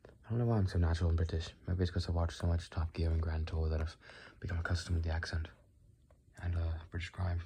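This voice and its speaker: Soft-spoken sleepy young man, deep and gravelly. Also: flat delivery, a little hiss or hum. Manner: soft, soothing, unhurried voice. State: tired, sleepy. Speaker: vlogger. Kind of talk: late-night casual rambling talk. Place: his bedroom at night. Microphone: phone.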